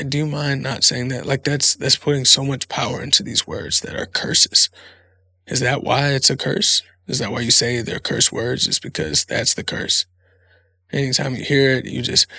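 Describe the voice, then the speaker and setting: A man's voice: mid-range voice, creaky, bright, forceful tone, husky, no echo, studio quality. A man hosting a podcast, talking in a casual, rambling monologue full of profanity. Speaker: podcast host.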